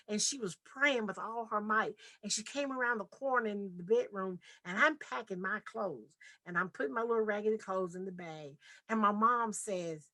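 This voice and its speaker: A woman's voice: medium pitch, normal speed, pushed and bright. A woman from Nashville giving an earnest, heartfelt personal testimony as a podcast guest. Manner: earnest, heartfelt, vivid retelling.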